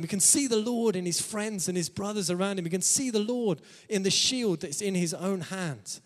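A man with a fairly high voice preaches a sermon to his congregation, laughing between phrases and often calling out "amen." His voice rings with the long reverb of a church hall. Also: moderate pace, few pauses.

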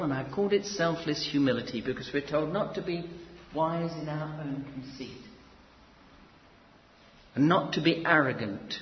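A man preaching an expository Bible teaching in a measured, explanatory way, leaning on emphatic repetition. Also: mid-range voice. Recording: echoey, dull hall recording with faint background noise.

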